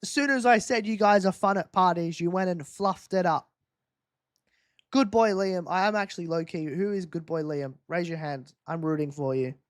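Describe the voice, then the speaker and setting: A man's voice: sits high, normal speed, no echo, clean studio sound. A man hosting a live race-watch quiz stream, teasing viewers in casual chat.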